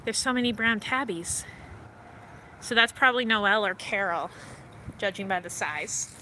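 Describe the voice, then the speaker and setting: A woman filming her foster cats at home and in the yard, chatting to them in cooing baby talk and to her viewers in a relaxed way. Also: medium pitch, moderate pace, long pauses. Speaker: cat foster streamer. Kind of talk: casual talk to pets on camera. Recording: faint wind and outdoor noise.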